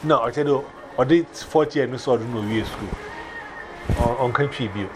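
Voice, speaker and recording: A man from Ghana with a Ghanaian accent, chatting casually and telling animated, laughing stories that mix Twi and pidgin. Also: mid-range voice, moderate pace, music in the background. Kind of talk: casual chat.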